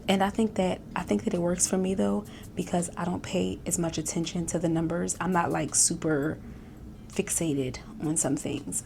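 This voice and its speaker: A woman vlogger chats casually in a lowish, gravelly voice, circling back on her words with fillers and restarts. Faint noise sits under the recording. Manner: chatty, self-reflective, many fillers and restarts, laughs often. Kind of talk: casual reflective chat.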